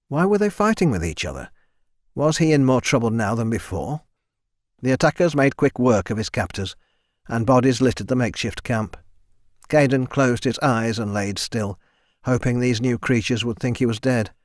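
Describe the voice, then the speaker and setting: A man narrating a fantasy audiobook at a steady, measured pace. His voice sits in an average range and sounds close and dry, with no room behind it. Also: mid-range voice, dry recording. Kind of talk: scripted narration.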